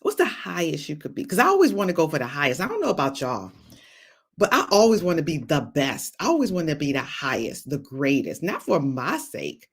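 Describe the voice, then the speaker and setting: A woman's voice: sits low, wildly swooping pitch, brisk, slightly rough. A middle-aged woman hosting a motivational faith talk, exhorting viewers and greeting them by name, with playful asides and frequent laughter. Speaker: host and psychologist.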